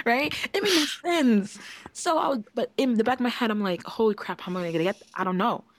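A woman co-hosting a casual podcast, telling a long story with lively acted-out quotes. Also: on the high side, moderate pace. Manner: animated storyteller, acts out quotes. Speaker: podcast co-host. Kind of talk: casual chat.

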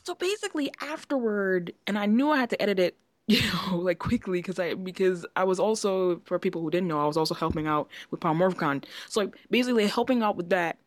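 A woman co-hosting a casual podcast, telling a long story with lively acted-out quotes. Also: medium pitch, fast, dry recording. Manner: animated storyteller, acts out quotes. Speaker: podcast co-host. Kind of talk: casual chat.

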